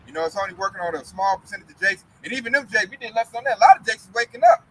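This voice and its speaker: A man with a high, bright, forceful voice speaks in a casual religious discussion. He tells animated stories with loose, colloquial phrasing and slips into other people's voices as he goes. There is a faint hiss under him. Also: racing, low-quality recording. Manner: colloquial, with frequent fillers.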